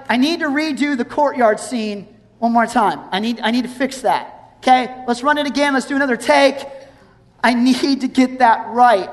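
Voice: mid-range voice, lightly acted. A preacher acting out the disciple Peter as an anxious grown man who insists and pleads. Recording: long hall reverb.

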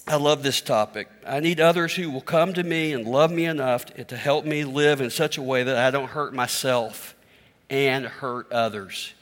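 A man's voice: a little high, a bit bright, in a large hall. A middle-aged male pastor preaching a sermon in a candid, self-deprecating, conversational way.

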